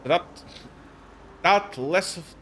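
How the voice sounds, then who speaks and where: Taking his time, a man with a high, fairly bright voice reads a visual novel aloud on a live stream from his home setup. He performs it with emotion and intensity, sometimes tripping over words, and a little hiss or hum sits under the audio.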